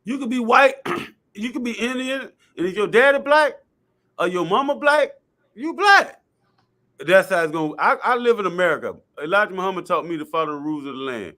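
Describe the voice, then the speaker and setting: A guest speaker in a casual discussion, his high-pitched voice animated, fairly quick and sharp in tone. He talks bluntly and at length about his view, circling back to the same points and dropping slang.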